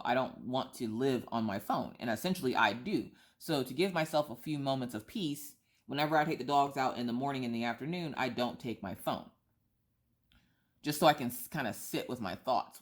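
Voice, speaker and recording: Rambling woman vlogger telling a story. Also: extremely low pitch. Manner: rambling, with many restarts and asides. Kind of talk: casual storytelling chat.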